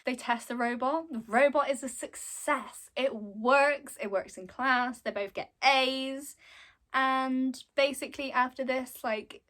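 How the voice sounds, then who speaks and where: A woman's voice: sits high, takes it slowly, fairly bright tone. A young woman casually retelling a game's story in a chatty way, with lots of fillers. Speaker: content creator.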